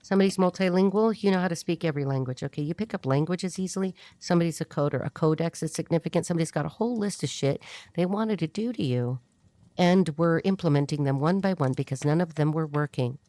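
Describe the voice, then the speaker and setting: A woman talks through a tarot reading in a loose, rambling way. She is blunt and irreverent, and her voice sits a little low. The sound is close and dry, with no room around it. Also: fast, warm tone, dry recording. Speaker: tarot reader. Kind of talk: casual tarot reading monologue.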